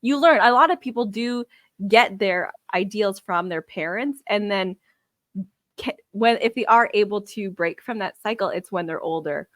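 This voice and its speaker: A woman's voice: mid-range voice, moderate pace, dry recording, clean studio sound. A woman co-hosting a podcast in casual chat, talking frankly with swearing and acting out what others said. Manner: frank, swears, quotes others in reenacted lines. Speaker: podcast co-host.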